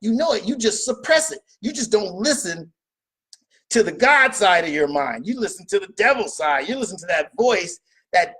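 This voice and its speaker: A man with a fairly high, husky voice delivers a motivational talk. He is emphatic and preachy. He hammers his points through repetition and answers his own rhetorical questions. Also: a bit bright. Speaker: motivational speaker.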